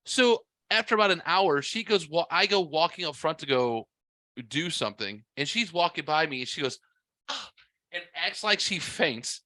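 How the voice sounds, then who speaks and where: Forties guy, podcast host, loud and profane storyteller, bright edge, dry close mic. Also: fairly high pitch, normal speed, no echo. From half white, half Mexican heritage. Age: 40s. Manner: profane, blunt, animated storytelling. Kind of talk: casual storytelling.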